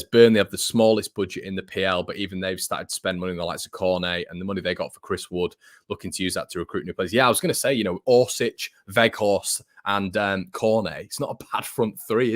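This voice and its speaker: A man's voice: low-pitched, brisk, no room sound, studio quality. A young man hosting a casual live stream, reading out comments and chatting with fillers and restarts. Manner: chatty, frequent restarts and fillers, says mate a lot. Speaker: fan channel host reading live chat.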